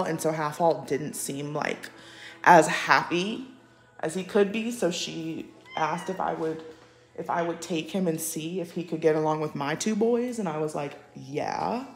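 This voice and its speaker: A chatty woman hosts a relaxed live vlog from home, her voice sitting on the low side. She reads viewer comments aloud and coos at her cat between remarks. Soft music plays faintly underneath. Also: unhurried. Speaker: livestream vlogger. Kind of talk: casual live-chat vlog. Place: at home indoors.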